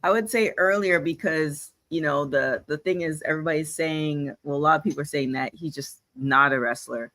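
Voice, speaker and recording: A woman co-hosting a casual chat, chatty with quick reactions. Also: deep voice, fairly bright tone, dry recording. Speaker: podcast co-host.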